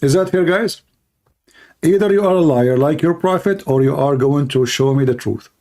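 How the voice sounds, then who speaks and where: A man hosting a confrontational livestream debate, talking emphatically and challenging his listeners, with a dry throat and frequent throat clearing. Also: on the high side, normal speed, warm tone. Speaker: debater and host.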